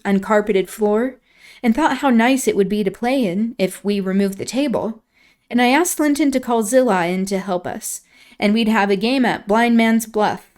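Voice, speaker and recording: A woman reading a classic novel aloud on a stream, breaking off for quieter, reflective asides. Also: medium pitch.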